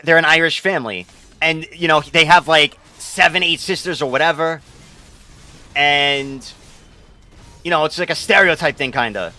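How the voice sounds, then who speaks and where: A man's voice: a little high, bright, forceful tone. A young man, a game streamer rambling casually and profanely while he answers his chat.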